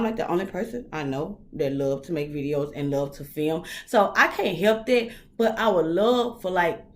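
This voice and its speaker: Blunt, rambling woman hosting a vlog. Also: medium pitch. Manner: rambling, frank, full of "like" fillers; blunt, opinionated, swears freely. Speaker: host. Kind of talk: casual solo vlog monologue.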